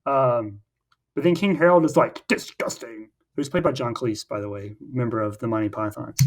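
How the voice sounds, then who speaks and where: A man's voice: mid-range voice, brisk. A man co-hosting a casual film podcast, recapping the plot in a rambling way with many fillers and restarts. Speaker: podcast co-host.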